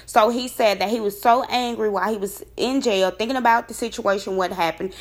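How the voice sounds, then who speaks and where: A woman casually telling a personal story, rambling and animated, her voice jumping high when she recounts her disbelief. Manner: rambling with many fillers and restarts.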